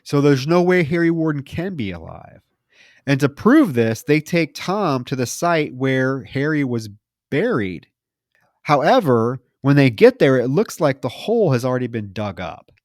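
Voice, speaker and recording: A man co-hosts a podcast and walks through a film's plot in a relaxed, chatty way. His pitch sits in the middle of the range, and he pushes hard on the key beats. The recording is close and dry, with almost no room sound. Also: a little slow, dry recording. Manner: animated retelling with lively emphasis. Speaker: podcast co-host. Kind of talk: casual film recap chat.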